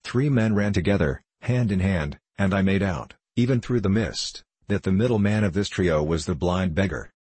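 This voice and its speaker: A man narrating a storybook in a measured, steady reading. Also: low voice, slightly rough, dry recording. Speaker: audiobook narrator.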